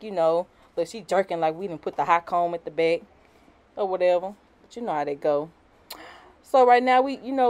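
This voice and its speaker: A young woman talks over a wig install tutorial in a casual, off-the-cuff voiceover. Her speech is loose and slangy, packed with fillers, and she keeps slipping into giggles and nervous apologies. Her pitch sits right at an ordinary middle level. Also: darkish tone. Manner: slangy and chatty, with frequent "you know" and "y'all". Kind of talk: casual, unscripted voiceover narration.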